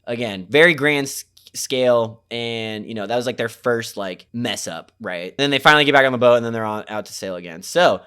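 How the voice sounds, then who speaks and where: A man's voice: medium pitch, brisk, few pauses, pushed and bright, smooth. A young man giving a casual, slang-heavy and profane movie recap, rambling with lots of fillers. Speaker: movie reviewer.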